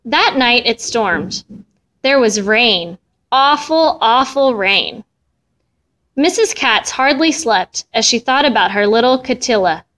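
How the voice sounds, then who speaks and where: A woman reading a children's story aloud with an expressive, melodic delivery. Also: fairly high pitch, slow. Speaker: storybook reader.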